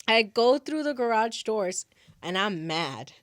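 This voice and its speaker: Young woman podcast host: animated, dramatic casual storyteller with a slightly high voice, close and dry. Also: very slow, long pauses, no echo.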